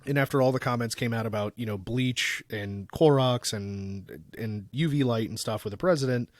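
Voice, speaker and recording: A man's voice: mid-range voice, normal speed, dry recording, studio quality. A man co-hosting a podcast in casual chat, an easygoing storyteller who reads articles aloud. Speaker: podcast co-host.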